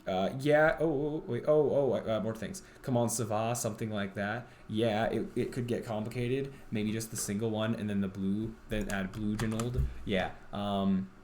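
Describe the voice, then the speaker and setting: A man's voice: fairly low pitch, a little mellow, a little hiss or hum. A man streaming while he works on a game, thinking aloud in a rambling way with many ums and restarts. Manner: rambling, self-talking, full of ums and restarts.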